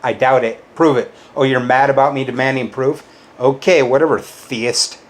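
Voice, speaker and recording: Combative male YouTuber, mid-range voice, resentful rant, loud jumps and muttered low insults. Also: steady tone, normal speed. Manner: bitter, combative, swears a lot. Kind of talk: ranting to-camera monologue.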